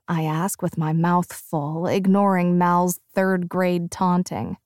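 A woman narrating a first-person audiobook with expressive, lively storytelling. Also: lowish voice, slow pace, hardly any pauses, dry recording, clean studio sound.

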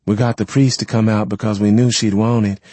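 A man voicing a worn, gentle young mother speaking hesitantly in a story reading. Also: fairly low pitch, flat delivery, fairly quick, no room sound, voice pushed up, lightly acted. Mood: sad. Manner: hesitant, soft.

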